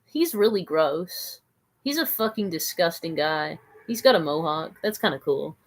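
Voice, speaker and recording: A woman's voice: low-pitched, lively intonation, unhurried. A woman from the American South rambling through a live stream, giggling, mocking herself and answering viewer comments. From Southern United States.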